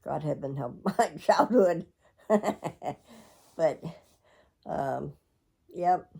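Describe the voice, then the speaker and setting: A woman's voice: deep voice, lively intonation, extremely slow, creaky, warm tone, slightly rough. A middle-aged woman telling a rambling, reflective personal story to her viewers. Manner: rambling, reflective, with frequent laughs. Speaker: vlogger.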